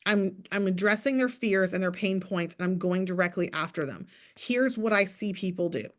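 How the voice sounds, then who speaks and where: A chatty woman in her thirties gives her sales team a lively coaching talk, speaking fast in a mid-range voice. She keeps acting out sample messages in a brighter tone.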